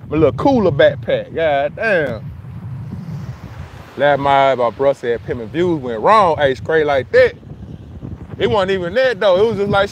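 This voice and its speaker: Outdoors at a beach, a middle-aged man hosts a casual livestream, talking loosely and profanely, answering comments and laughing often. His voice is high-pitched, with slight background noise.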